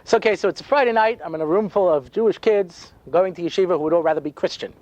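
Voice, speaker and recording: A man's voice: high-pitched, fast talker, darkish tone, highs cut off. A man speaking as a rabbi, telling stories with wry sarcasm and lots of asides in a humorous lecture.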